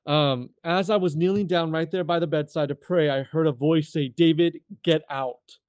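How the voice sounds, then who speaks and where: Guy in his 30s telling his testimony, kinda high voice, restarts a lot, dry sound. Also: steady tone, a little mellow, clean tone, no room sound. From California. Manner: earnest, halting, repeats words as he restarts. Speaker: guest sharing his testimony. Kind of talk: personal testimony storytelling.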